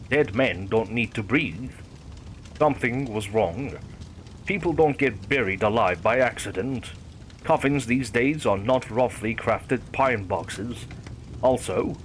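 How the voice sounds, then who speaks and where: A man reading a first-person horror story aloud, in a measured storytelling manner. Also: mid-range voice, lively intonation, a little hiss or hum. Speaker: narrator. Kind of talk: scripted horror story narration.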